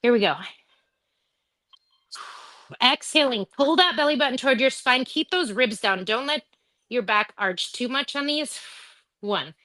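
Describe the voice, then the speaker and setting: A woman's voice: fairly high pitch, animated, unhurried, long pauses, sharp tone. A woman leading a live home workout class, counting reps and cueing breaths in a chatty way, with asides to her dog. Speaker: fitness instructor.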